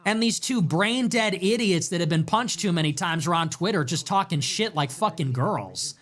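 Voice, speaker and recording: A man's voice: high voice, expressive, moderate pace, few pauses, a bit bright. A man hosting a livestream, brash, profane and swaggering as he tells boastful stories. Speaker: livestream host.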